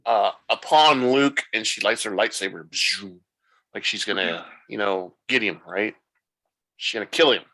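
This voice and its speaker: Bright-voiced man recapping an episode casually. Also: lowish voice, moderate pace, poor audio. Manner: retells the plot loosely, thinking aloud. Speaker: podcast host.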